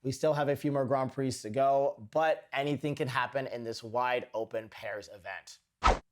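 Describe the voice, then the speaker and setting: A man hosting a figure skating recap show, commentating over highlights in a lively, playful way. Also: normal speed, very noisy. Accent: put-on British accent. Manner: playful, chatty sign-off with a put-on accent.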